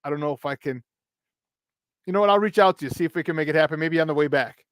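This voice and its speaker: A man's voice: a little high, fast talker, dry recording, clean studio sound. A man hosting a morning sports talk show, chatting casually and laughing often as he tells stories. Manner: animated storytelling, frequent laughter. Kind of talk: casual radio chat.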